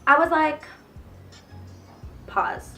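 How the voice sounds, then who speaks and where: Heard from a distance and a bit off-mic over faint music, a young woman with a high-pitched, gravelly voice draws out her words. She's vlogging casual stories to camera, full of profanity, lively energy and acted-out quotes.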